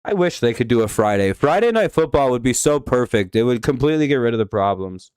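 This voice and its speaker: A man's voice: medium pitch, lively intonation, quick pace, darkish tone, clean tone, dry recording, clean studio sound. A man hosting a live stream, giving rambling, offhand game commentary with casual swearing.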